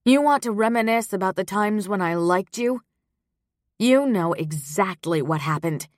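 A guarded, bitter woman, read by a female narrator, speaks low and slow in a heavy voice, her words tight with old anger. The recording is dry and close. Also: fairly even intonation, no room sound. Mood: angry.

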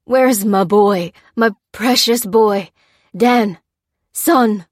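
A woman reader voicing a feverish, delirious older man who calls out in loud, slow, pleading cries. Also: mid-range voice, dry recording, studio quality, voice pushed up.

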